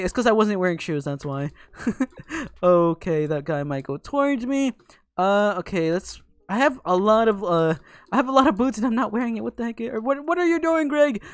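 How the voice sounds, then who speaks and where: A young man giving excitable, jokey live commentary over a game, teasing the players he fights. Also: high-pitched, clear, resonant tone, no echo. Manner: excitable, jokey, talks to opponents. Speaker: gaming YouTuber.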